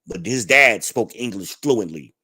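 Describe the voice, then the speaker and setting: A man's voice: on the low side, expressive, a little slow, bright, forceful tone, slightly rough, no room sound, clean studio sound. A man in his forties telling blunt, profane stories in a laid-back, casual vlog monologue. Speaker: vlogger.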